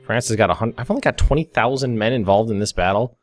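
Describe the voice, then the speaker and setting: A man's voice: lowish voice, fast talker. An American young man hosting a let's play, thinking aloud through a strategy game with frequent restarts and asides. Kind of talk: casual gameplay commentary. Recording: faint music behind.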